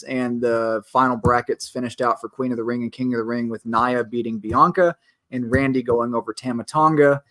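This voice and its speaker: A man's voice: medium pitch, fairly bright tone, no room sound, studio quality. A man co-hosting a podcast, chatting casually and trailing off into restarts. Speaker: podcast co-host. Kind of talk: casual chat.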